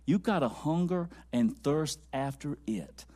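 Fiery preacher with big swings. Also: male voice, animated, unhurried. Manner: swings from loud high-pitched exclaiming to low quiet musing; repeats lines for emphasis, drops to a near whisper. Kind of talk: sermon.

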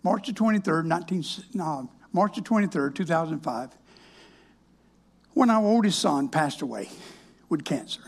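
An older man with a drawl gives a personal testimony in the manner of a sermon. His voice is husky and a little rough. He talks in a folksy, plainspoken way with a dry, wry humor. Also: on the high side, expressive, moderate pace, pauses often. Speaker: minister.

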